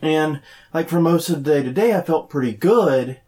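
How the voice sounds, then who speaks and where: A man co-hosting a podcast in casual chat, sounding slightly nasal and congested from a cold, joking along and reading event listings briskly. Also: fairly high pitch, lively intonation, mellow. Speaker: podcast co-host. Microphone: desk mic, no lavalier.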